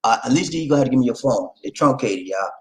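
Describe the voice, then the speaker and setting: A man's voice: mid-range voice, lively intonation, quick pace, a little mellow, poor audio. A man hosting a casual livestream, chatting with viewers, laughing and giving sing-song introductions. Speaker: livestream host.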